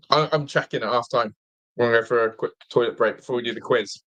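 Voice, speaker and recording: Chatty, bright-voiced football fan host. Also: male voice, medium pitch, fast talker. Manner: chatty, excitable, reads viewer comments aloud. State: slightly blocked nose. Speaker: watch-along host. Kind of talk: live fan commentary and chat.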